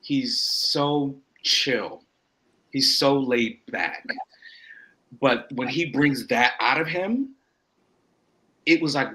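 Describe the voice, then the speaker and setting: A man from Florida, a wrestler guesting on a podcast, telling a rambling story full of quoted self-talk and quick asides. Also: medium pitch, animated, bright, forceful tone, rough recording. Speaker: indie pro wrestler guest. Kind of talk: casual podcast chat.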